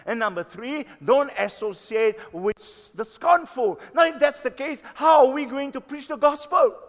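Man, 60s, pastor, sermon, high pitch, emphatic, loud-soft swings, long hall reverb. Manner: emphatic, stretching key words slowly, swinging between loud and soft.

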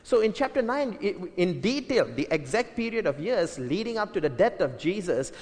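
A man's voice: sits high, very animated, moderate pace, darkish tone. Earnest preacher man in a hall. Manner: earnest, emphatic, with frequent fillers and restarts. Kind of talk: sermon Bible teaching.

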